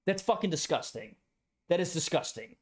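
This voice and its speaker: A man's voice: a little high, expressive, moderate pace. Young man ranting profanely. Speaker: streamer. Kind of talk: heated casual rant.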